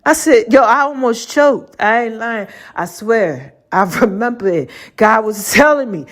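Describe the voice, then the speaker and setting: A woman hosts her own podcast, spinning a casual story full of slangy asides and frequent laughter. Her voice sits a little high for a woman and stays lively and loose. It sounds like relaxed, animated talk straight to her listeners. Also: measured pace. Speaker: podcast host.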